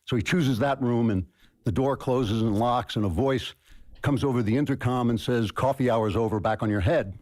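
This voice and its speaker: A man giving a university speech, joking in a dry, measured way. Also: medium pitch, darkish tone, a little hiss or hum. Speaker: speaker.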